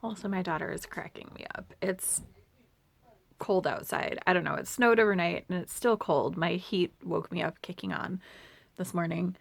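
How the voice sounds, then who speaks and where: A woman's voice: on the low side, steady tone, normal speed, creaky, no echo. A woman chatting casually at home in a vlog, rambling and sometimes dropping to a near-whisper. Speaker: vlogger and homeschooling mom.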